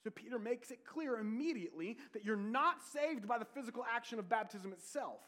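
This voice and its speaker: Pastor, male, high voice, earnest sermon delivery with chatty asides. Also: animated, a little fast. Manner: earnest preaching, rising to emphatic peaks and dropping to quiet intensity; conversational asides with rhetorical questions.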